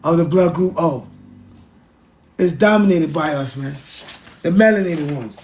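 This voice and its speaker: A man's voice: fairly high pitch, measured pace, a little mellow. A man hosting a casual livestream, talking to his chat in an emphatic, repetitive way. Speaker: livestream host.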